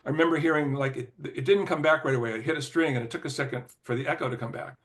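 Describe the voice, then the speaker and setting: Older male interview guest with a mid-range voice, storytelling, throat-clearing, filler-heavy, chuckling. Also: mid-range voice, racing. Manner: lively, laughs often, many "you know" fillers and restarts. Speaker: interview guest, former record executive. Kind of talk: anecdotal storytelling in conversation.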